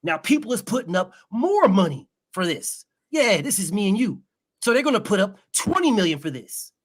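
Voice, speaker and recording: A man's voice: sits high, sing-song, normal speed. A man impersonating a brash, cocky male champion boxer who dictates terms in a boastful, profane way. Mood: boastful, demanding. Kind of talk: impression in a boxing debate.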